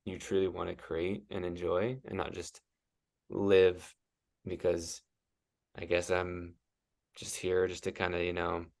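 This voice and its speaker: A man's voice: sits low, completely flat delivery, measured pace, vocal fry, pauses often, a little mellow. A man as a guest coach in a casual interview, talking loosely and leaning on "like" as he thinks aloud. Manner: rambling, heavy use of "like".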